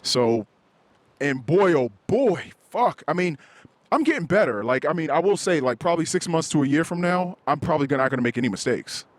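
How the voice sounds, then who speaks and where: A man hosts a candid solo podcast confession, rambling and self-critical, swearing often and acting out heated quotes. His voice is a little high and expressive, fairly quick, and the recording is dry.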